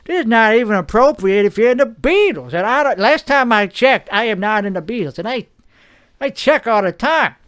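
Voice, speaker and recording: A man's voice: high voice, animated, moderate pace, fairly bright tone, smooth. A man hosting his own show, talking in a rambling, self-mocking, jokey monologue. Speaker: host.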